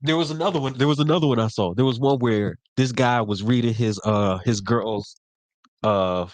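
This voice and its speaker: Animated young man telling stories in chat. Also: medium pitch, moderate pace, dry recording. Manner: animated storyteller, acts out quoted voices. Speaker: podcast co-host. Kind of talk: casual chat.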